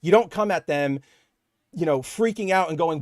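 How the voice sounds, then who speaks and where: A man's voice: on the high side, normal speed, no echo, studio quality. A young man co-hosting a casual comic book podcast, talking in long rambling stretches and acting out characters' lines. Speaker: podcast co-host.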